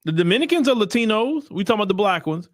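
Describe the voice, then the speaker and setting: Hosting his own livestream, this man speaks in a high, very animated voice at a rapid-fire pace. He is emphatic, throws out rhetorical questions and keeps circling back to his points. There is no room sound.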